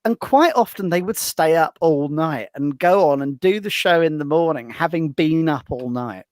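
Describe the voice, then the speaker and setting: At normal speed and with no echo, a man with a fairly high-pitched voice, an author appearing as a podcast guest, shares anecdotes casually. He tells them with liveliness, often starting sentences over.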